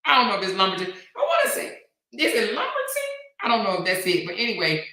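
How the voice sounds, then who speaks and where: A woman's voice: mid-range voice, huge pitch swings, racing, sharp tone, roomy sound. A middle-aged woman hosting a casual live stream, chatty and slangy, reading viewer comments aloud. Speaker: host.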